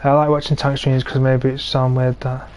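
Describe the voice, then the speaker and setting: A man's voice: mid-range voice, little pitch movement, normal speed, a little mellow, a little hiss or hum. An English man in his twenties giving live commentary on a tank game he is streaming, grumbling and sarcastic about his teammates, recorded on a cheap gaming mic. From England. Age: 20s.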